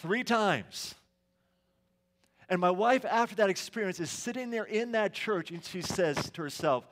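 A man's voice: high-pitched, expressive, a little slow, fairly bright tone. A middle-aged male pastor preaching a sermon in a church sanctuary, telling stories conversationally and asking the congregation questions.

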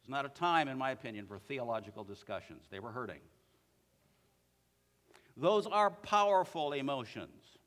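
Earnest preacher in an echoing church. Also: male voice, medium pitch, big pitch swings, normal speed, pauses often, fairly bright tone. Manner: earnest, reads scripture aloud with feeling. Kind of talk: sermon.

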